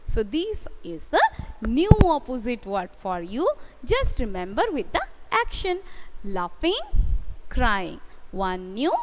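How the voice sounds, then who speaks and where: A woman with an Indian English accent teaching a kindergarten English class live online, dictating slowly, spelling words letter by letter and praising her pupils. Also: a little high, very animated, long reverb tail, slight background noise. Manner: slow, sing-song dictation, stretching words and spelling letters aloud.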